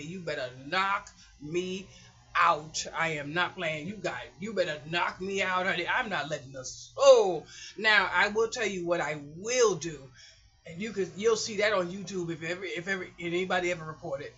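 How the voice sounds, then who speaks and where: A woman vlogger tells a story in a casual, emphatic way and acts out the lines she once said. Her voice is bright and sharp. The recording is dull and lo-fi. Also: fairly low pitch, moderate pace, breathy edge.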